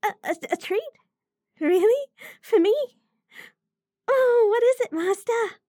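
Girl doing a needy puppy-girl, whimpery, mellow and a bit gravelly, dry close sound. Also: very high-pitched, expressive, slow pace, dry recording, heavily acted. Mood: eager. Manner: whimpering, giggly, breathless. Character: eager young puppy-girl, fawning and submissive. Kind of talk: adult audio role-play.

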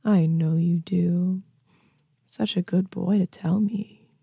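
Whispered role-play: woman as a self-assured, teasing neighbor, low and husky, close and dry. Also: fairly even intonation, mellow, no room sound, exaggerated voice. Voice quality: breathy, half-whispered. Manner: slow, coaxing, commanding.

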